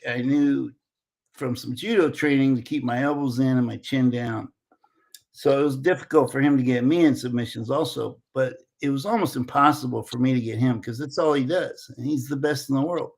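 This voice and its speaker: A man in his sixties, an interview guest telling a lively anecdote and acting out the dialogue. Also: mid-range voice. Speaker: interview guest, former Olympic wrestler. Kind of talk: casual storytelling.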